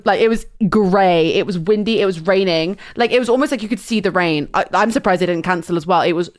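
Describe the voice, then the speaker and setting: A young woman streamer telling a chaotic travel story in casual chat, animated and full of fillers and restarts. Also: medium pitch.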